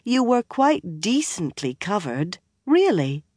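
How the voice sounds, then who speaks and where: A proper young noblewoman speaks in a raised, formal voice, as an audiobook narrator puts her on. She is measured and lightly lecturing, and the audiobook reading sounds dry and close. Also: medium pitch, big pitch swings, darkish tone, husky, no echo, voice pushed up, heavily acted. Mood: composed.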